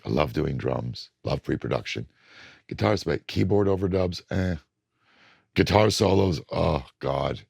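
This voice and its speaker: An older man, a record producer, talking casually in an interview and telling animated studio stories. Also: rumbling low, a little slow, no room sound. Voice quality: gravelly. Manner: animated storytelling, acts out studio voices.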